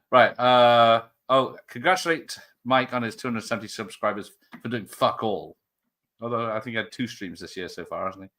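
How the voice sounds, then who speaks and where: A man's voice: medium pitch, moderate pace, sharp tone. A man hosting a casual film watch-party stream, joking, laughing often and swearing freely. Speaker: stream host.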